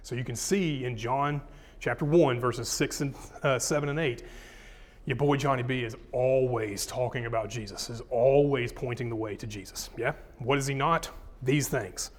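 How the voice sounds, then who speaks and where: A man's voice: mid-range voice, moderate pace. A man, a pastor teaching a sermon, casual and chatty with his congregation, reading scripture with rising emphasis.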